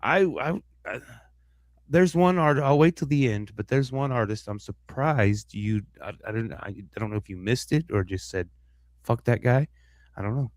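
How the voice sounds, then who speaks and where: A man's voice: medium pitch, lively intonation, normal speed, no room sound, clean studio sound. Wry man co-hosting a podcast. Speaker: podcast co-host. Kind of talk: casual chat.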